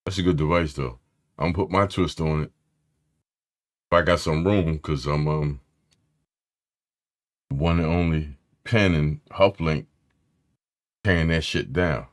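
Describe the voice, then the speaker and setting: Very deep-voiced man hosting a tech live stream. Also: unhurried, pauses often. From Philadelphia area. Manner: loose, slangy, greets chat by name. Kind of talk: casual live stream chat.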